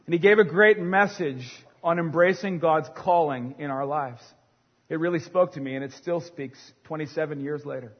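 High-voiced man preaching in a reverberant hall. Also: normal speed. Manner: dynamic preaching, swinging from hushed to loud. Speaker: pastor. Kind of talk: sermon. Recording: long hall reverb, dull sound.

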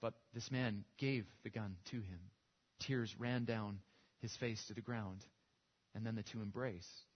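A man's voice: on the low side, fairly even intonation, measured pace. A man preaching a sermon and telling a story, with small restarts and repetitions. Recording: dull lo-fi recording.

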